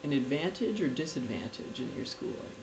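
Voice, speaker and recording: Giggly man with a gravelly voice. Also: mid-range voice, big pitch swings, brisk, echoey room, dull audio, noisy background. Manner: bemused, giggly, playing it straight. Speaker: interviewer. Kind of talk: improvised comedy interview.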